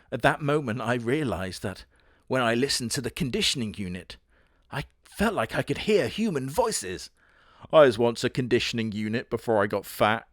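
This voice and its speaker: Deadpan man riffing crudely. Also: mid-range voice, normal speed, no room sound. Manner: dry, crude, deadpan jokes. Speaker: comedy video host. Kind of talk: sarcastic commentary on a horror show.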